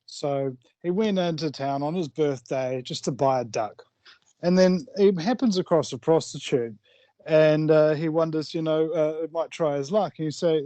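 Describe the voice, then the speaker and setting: A man telling a long joke on an online call, pausing often with fillers. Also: on the high side, mellow, dry recording. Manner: rambling storyteller, many "uh" fillers. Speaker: caller in an online hangout.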